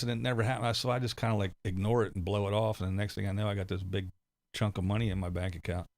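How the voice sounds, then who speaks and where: A middle-aged man from the States with a lowish voice chats loosely on a livestream, laughing often and cursing freely as he rambles. The sound is close and dry. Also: fairly even intonation, quick pace, darkish tone, no room sound. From United States. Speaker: livestream host reading chat. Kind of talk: casual chat.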